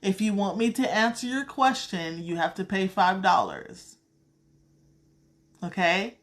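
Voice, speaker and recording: A woman with a Southern accent chats through a tarot reading on a live stream, her voice sitting in a middling pitch. She is blunt and profane, swearing freely while calling her viewers sweetheart. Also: animated, a little slow. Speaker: tarot card reader. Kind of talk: casual live-stream chat.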